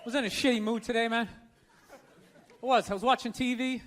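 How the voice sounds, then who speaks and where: A man's voice: extremely high pitch, fairly even intonation, fairly quick. An American man opening a stand-up set with dry, sarcastic banter to the audience. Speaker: stand-up comedian. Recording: loud crowd and heavy noise.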